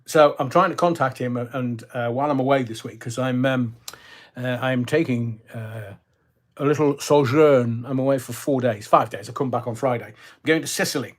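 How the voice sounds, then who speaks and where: An older man from Scotland, hosting a casual livestream, chatty and jokey, rambling with lots of fillers. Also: mid-range voice. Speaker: livestream host reading viewer comments. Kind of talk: casual chat.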